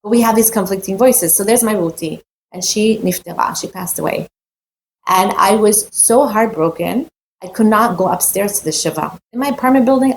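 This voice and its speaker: A woman's voice: mid-range voice, a little fast, a little hiss or hum. A woman giving a heartfelt, emphatic personal Torah talk, repeating phrases and mixing in Hebrew terms. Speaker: Torah teacher.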